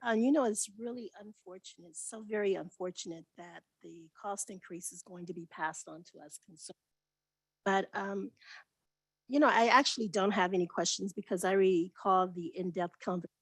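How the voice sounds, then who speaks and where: Husky-voiced woman council member. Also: mid-range voice, moderate pace, dry recording. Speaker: mayor pro tem. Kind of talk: brief council remarks.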